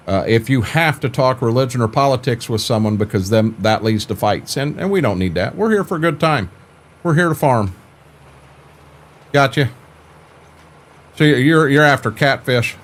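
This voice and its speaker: Laid-back older man, folksy stammer. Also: mid-range voice. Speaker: farming game streamer. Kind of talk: casual live-stream chat.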